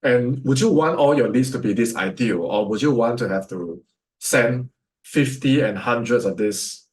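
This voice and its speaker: A man with a Singaporean English accent teaches sales, firing question after question at his audience. His voice sits at an ordinary pitch for a man. The sound bounces around an echoey room. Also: animated, moderate pace, a little mellow. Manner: rhetorical, fires off questions at listeners. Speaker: sales coach.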